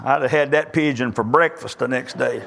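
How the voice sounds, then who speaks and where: A man's voice: mid-range voice, normal speed, vocal fry, fairly bright tone. A man preaching a sermon, telling folksy stories and plain jokes between scripture readings.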